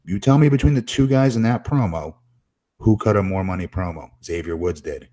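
A man on a wrestling podcast panel, talking in an emphatic, animated way and often repeating words. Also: low-pitched, a little fast. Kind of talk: casual opinionated chat.

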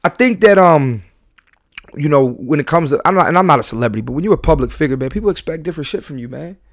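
A man's voice: fairly high pitch, lively intonation, quick pace, no echo, studio quality. A man hosting a podcast, talking candidly in a rambling, confessional way full of slang and restarts. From New York. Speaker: podcast host.

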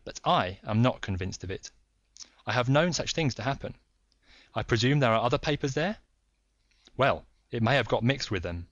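A man voicing a calm, shrewd detective who speaks deliberately. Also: medium pitch, no echo, close to an everyday voice. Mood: probing. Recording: dull dry recording.

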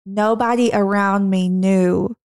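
30s woman podcast cohost, gravelly vocal fry, dry mic, slow and reflective. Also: medium pitch, steady tone, darkish tone, no echo. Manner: reflective, unhurried, pauses often. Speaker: podcast co-host. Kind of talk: candid personal testimony.

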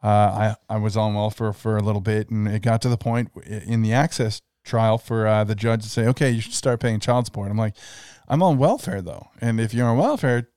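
A man's voice: lowish voice, level tone, fairly quick, few pauses, darkish tone, smooth, dry recording, studio quality. A man from Canada as a podcast guest, telling a story in casual chat, easygoing with a chuckle. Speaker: guest co-host.

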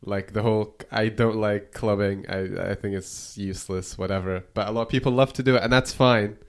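Talking a little fast in a lowish voice with fairly even intonation, a man appears as a guest on a podcast. His chat is loose and rambling, packed with "like" and casual cursing.

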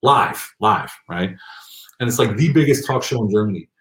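A middle-aged man telling his story at home in a casual, animated way, often laughing and acting out other people's voices. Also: on the low side, moderate pace. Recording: echoey room.

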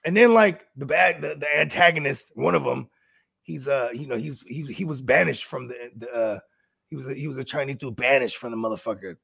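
Gravelly slangy man rambling in casual chat. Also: medium pitch, a little fast, fairly bright tone. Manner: rambling, slangy, swearing, lots of "you know what I mean". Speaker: podcast co-host.

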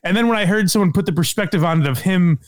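A man's voice: high voice, fast talker. A man hosting a podcast, chatting casually, laughing and using lots of fillers. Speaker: podcast host. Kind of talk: casual chat.

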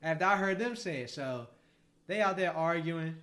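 An animated man tells a long story on a casual podcast, his voice sitting a bit high. He swears freely and laughs through the telling. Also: moderate pace. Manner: animated, profane storyteller, voice jumps high when excited. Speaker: podcast co-host.

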